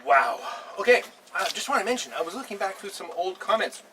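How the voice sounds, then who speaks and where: A man's voice: sits high, lively intonation, fairly quick, distant mic, noisy background. An older man hosting a casual beer-tasting vlog on a boat in a harbour, easygoing and chatty, chuckling now and then. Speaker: host.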